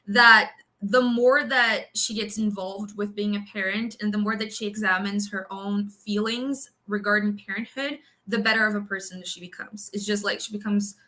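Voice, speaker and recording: Bright woman host on a video call, gushing and stumbling over words. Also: medium pitch. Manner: effusive, halting, restarting words. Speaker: panel host. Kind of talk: interview question on a live panel.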